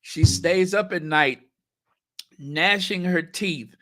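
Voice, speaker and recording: A man hosts a sarcastic gossip commentary channel, drawing out his words with sardonic emphasis as he reads headlines and viewer comments aloud. His voice is fairly high and sharp, and he speaks slowly. The recording is dry and clean, with studio sound.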